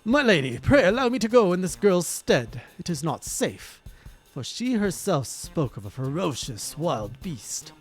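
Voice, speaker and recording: A streamer plays a self-important gentleman inspector who declaims every line. His delivery is flowery and theatrical, with a lively swing in pitch. Faint game music sits behind him. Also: measured pace. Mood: gallant. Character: pompous gentleman inspector, grandiose.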